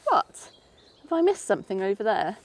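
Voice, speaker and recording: A woman's voice: medium pitch, very animated, normal speed. A woman vlogging casually while cycling through a forest, chatting away and cooing at animals she meets. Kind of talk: casual chat while riding. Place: outdoors in a forest on a bike.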